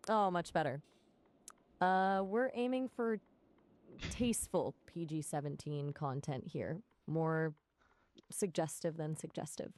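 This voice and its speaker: A woman's voice: deep voice, slow pace, darkish tone. A synthetic woman's voice acting as an AI companion, chatty and full of playful quips. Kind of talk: conversational AI chat.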